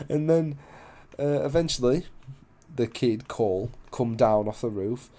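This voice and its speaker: Young man, casual teller of a wild tale, mid-pitched, meandering and foul-mouthed. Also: slow, mellow. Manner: rambling, heavy swearing, loses his place. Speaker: storyteller. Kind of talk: casual storytelling.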